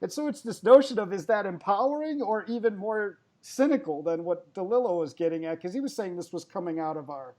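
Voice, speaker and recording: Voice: mid-range voice, animated, brisk, hardly any pauses, dark tone. A podcast host asking long, searching questions, with lots of "I guess" and "you know" fillers. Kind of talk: podcast interview.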